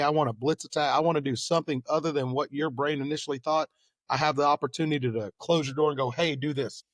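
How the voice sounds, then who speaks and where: Animated Texan man telling fire stories. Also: dry recording, studio quality. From Texas. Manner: animated, acts out quoted dialogue with rising pitch and volume. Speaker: fire lieutenant and guest. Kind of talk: casual storytelling.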